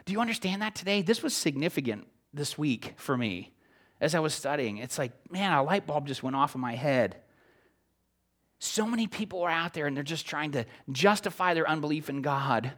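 A male pastor preaching a sermon, retelling scripture with lively swings from loud excitement to hushed, near-whispered appeals. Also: a little high, moderate pace.

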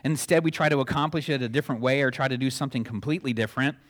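A man's voice: medium pitch, rapid-fire. A middle-aged male pastor giving a conversational sermon, acting out little dialogues and chuckling at his own asides.

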